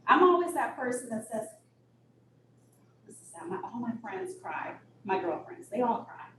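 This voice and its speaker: A woman executive director telling candid stories in an interview, blunt and animated, with sudden high-pitched bursts. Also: moderate pace. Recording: echoey room, distant mic, audible noise.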